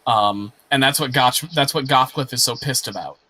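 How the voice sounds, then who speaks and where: A man's voice: medium pitch, moderate pace, pushed and bright, poor audio. A man who is the game master, chatting casually about a tabletop session and explaining his characters. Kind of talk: casual post-session chat.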